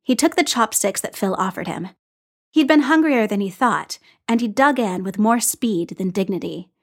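A woman's voice: mid-range voice, animated, normal speed. Woman reading a story aloud. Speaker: story reader. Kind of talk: reading fan fiction aloud.

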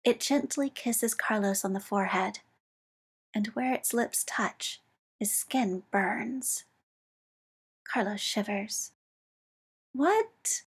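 A woman reading fiction aloud in a slow, soft, measured storytelling manner, dropping now and then into a whisper. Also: medium pitch, slightly rough. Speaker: narrator.

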